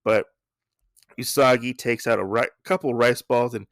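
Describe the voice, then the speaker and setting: A man's voice: mid-range voice, steady tone, moderate pace, no room sound, studio quality. A man hosting a podcast, casually recapping a comic in a rambling way full of fillers and restarts. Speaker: podcast host.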